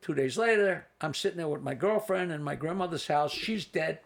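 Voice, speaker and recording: A comedian in his sixties tells long anecdotes in a relaxed interview, doubling back and adding asides. His voice is gravelly with a slightly raised pitch. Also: a little fast. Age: 60s. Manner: rambling anecdotes with asides and restarts. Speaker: comedian guest. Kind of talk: storytelling in a casual interview.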